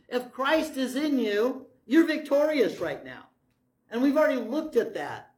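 A preacher delivering a conversational sermon, asking the congregation questions and retelling stories in a casual way. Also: medium pitch.

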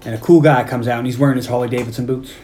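A man's voice: mid-range voice, fairly even intonation, very fast, dark tone. A man co-hosting a movie podcast, recapping scenes in a casual chat and acting out quoted lines. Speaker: podcast co-host.

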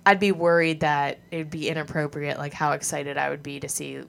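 A woman's voice: sits low, little pitch movement, fairly quick, creaky, fairly bright tone. A woman in her thirties co-hosting a podcast in casual chat, rambling and laughing often. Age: 30s. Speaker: podcast co-host.

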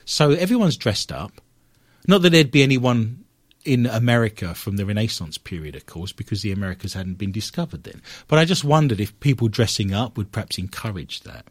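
A man's voice: lowish voice, expressive, brisk, dry recording, clean studio sound. An English man with an English accent hosting a show in a chatty, wry way. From England. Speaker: podcast host. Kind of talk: casual chat.

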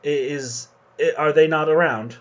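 A man voicing a foppish, pompous male ship captain with a high, affected voice. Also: fairly even intonation, moderate pace, fairly bright tone, dull audio, close to an everyday voice. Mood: genteel.

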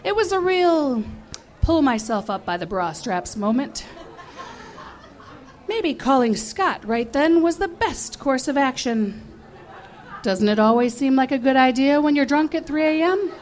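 Middle-aged woman telling her story, high and very lively, unhurried. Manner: animated, emotional, self-mocking. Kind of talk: performed personal storytelling.

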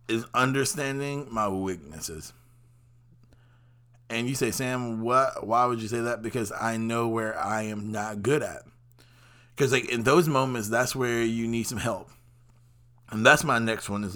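A man's voice: fairly low pitch, pushed and bright. A man hosting a show, talking through a rambling personal monologue with lots of fillers. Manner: talkative, rambling, frequent fillers. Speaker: podcast host.

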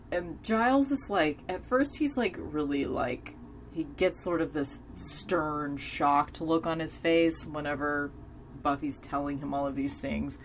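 A woman's voice: low voice, slow, a little hiss or hum. A woman casually recapping a TV episode in a rambling way, hedging with lots of fillers and gushing over scenes she loves. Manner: gushing and enthusiastic; drinking beer while talking.

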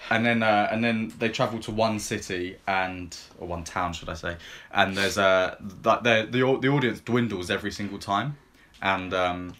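Man, fairly low voice, podcast co-host, casual film chat, rambling, lots of filler words. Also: moderate pace, a little hiss or hum. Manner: rambling and filler-heavy, lots of ums and likes; relaxed, retelling film scenes in plain everyday talk. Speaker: podcast co-host reviewing films.

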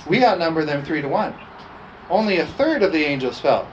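Guy pastor preaching a sermon, kinda high voice, repeats lines hard, bit of noise behind. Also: big pitch swings, normal speed, dull audio. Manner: emphatic, repetitive preaching with call-and-response.

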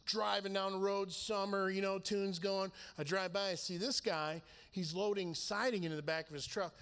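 A man's voice: high-pitched, steady tone, moderate pace, fairly bright tone, smooth. A man preaching in a casual storytelling way, laughing as he acts out the conversations in his story. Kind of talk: storytelling sermon.

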